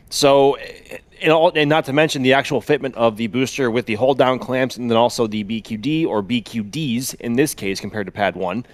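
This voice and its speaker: Male co-host, casual livestream talk, halting delivery, dry recording. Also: fairly low pitch, dry recording. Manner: halting, restarts sentences.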